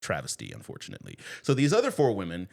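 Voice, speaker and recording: Lively low-voiced man telling a story. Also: fast talker, creaky. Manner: animated, laughing storyteller. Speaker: podcast guest. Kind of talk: casual storytelling.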